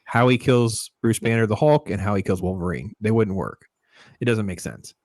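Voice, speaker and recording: Animated male podcast host, low dry voice. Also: moderate pace, no room sound. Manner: animated, acts out scenes in quoted voices. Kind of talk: casual panel discussion.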